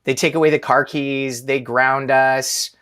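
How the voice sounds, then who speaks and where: A man in his thirties speaks to a live audience in a relaxed, conversational way. He tells stories about himself with a self-deprecating touch and stops to put questions to the room. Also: medium pitch, a little slow, clean tone. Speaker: leadership speaker.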